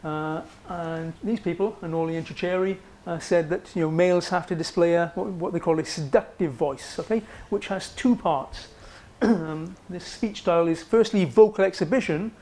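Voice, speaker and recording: Male lecturer, slightly raised pitch, chatty, filler-heavy delivery, university talk. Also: moderate pace, dark tone. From Wales. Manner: conversational, frequent "okay" checks and fillers. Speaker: psychology lecturer. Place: lecture room.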